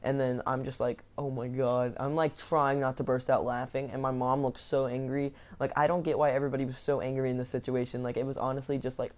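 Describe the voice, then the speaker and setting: A man's voice: mid-range voice, a little mellow. Young man rambling through a story. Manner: rambling, stammering storytelling with many restarts. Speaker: vlogger. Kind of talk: storytime vlog.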